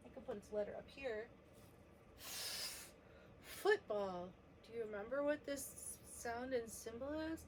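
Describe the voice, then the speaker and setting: A woman teaching a preschool letter lesson, gently sounding out each letter for young children. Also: on the high side, a little fast, hardly any pauses, slight background noise.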